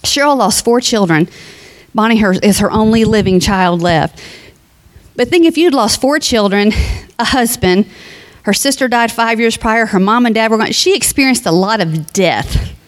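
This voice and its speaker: A woman's voice: fairly high pitch, expressive, normal speed. A woman speaking at a funeral, giving a heartfelt, conversational eulogy that moves into a sermon and turns to the family directly. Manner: reads scripture aloud.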